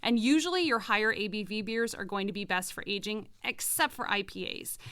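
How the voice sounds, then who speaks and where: A woman's voice: medium pitch, a little fast, a bit bright, clean tone, dry recording, studio quality. A woman co-hosting a casual podcast, explaining beer styles from her notes with chatty asides. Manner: informative, reads notes with asides. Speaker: podcast co-host presenting a beer segment. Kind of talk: casual podcast chat, semi-scripted explainer.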